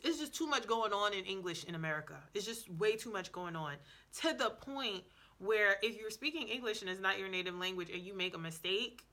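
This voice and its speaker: A woman giving casual advice in a vlog, chatty and playful, filling her talk with "like" and correcting herself as she goes. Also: medium pitch. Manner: chatty, many "like"s and self-corrections; lively, playful asides. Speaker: language-learning vlogger.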